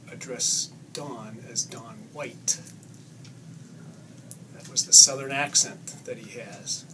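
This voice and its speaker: A man slowly telling a workplace anecdote about a mistake in an interview. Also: medium pitch. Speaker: coworker giving a tribute. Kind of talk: casual anecdote. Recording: distant mic with noticeable room noise.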